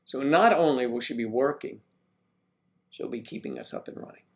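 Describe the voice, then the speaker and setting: A man's voice: mid-range voice, very animated, normal speed, vocal fry. An older man hosting a casual livestream, greeting viewers by name and rambling while he fumbles with his equipment. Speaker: livestream host.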